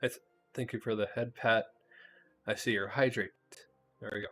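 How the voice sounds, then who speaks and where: A man's voice: fairly low pitch, steady tone, moderate pace, pushed and bright, faint music behind. A man streaming a video game, talking casually and thinking aloud as he plays. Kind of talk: casual gameplay commentary.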